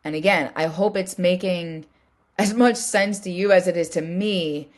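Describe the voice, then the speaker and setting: A woman's voice: lowish voice, unhurried. A woman hosting a solo podcast, talking earnestly and emphatically in a casual way that includes swearing, and repeating her key phrases for weight. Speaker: podcast host.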